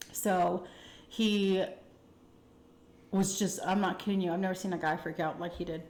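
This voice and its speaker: A woman with a Texan accent telling a candid, chatty personal story to her viewers, full of fillers and animated retellings. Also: on the low side, moderate pace, long pauses, reverberant. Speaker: food vlogger telling a story. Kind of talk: casual storytime chat.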